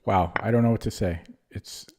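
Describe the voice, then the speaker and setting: A man's voice: fairly low pitch, moderate pace, warm tone. A young man streaming himself playing chess, rambling and self-deprecating as he thinks aloud in casual commentary.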